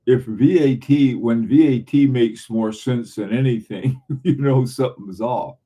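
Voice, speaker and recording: Speaking a little slowly in a mellow, medium-pitched voice, a middle-aged man from southern New England hosts a livestream. His chat with viewers is casual and rambling, full of restarts and chuckles.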